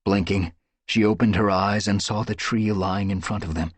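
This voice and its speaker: A man reading a dramatic audiobook story with expressive, dramatic storytelling. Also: lowish voice, moderate pace, no echo. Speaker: audiobook narrator. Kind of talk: audiobook narration.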